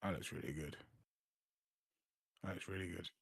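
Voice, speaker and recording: A man's voice: low voice, fairly even intonation, normal speed, gravelly, a bit bright, husky, no echo, clean studio sound. A man, a game developer, chatting casually and rambling on a dev stream. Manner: laid-back, rambling with restarts.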